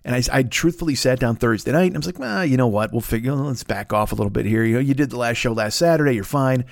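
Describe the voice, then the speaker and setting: A man's voice: mid-range voice, quick pace, creaky, no room sound, studio quality. A man in his fifties hosting a solo podcast from his desk at home, rambling and swearing through a late-night rant with many restarts. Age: 50s. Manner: rambling, profane, self-mocking, with many restarts and fillers. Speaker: podcast host. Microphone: plugged-in podcast microphone.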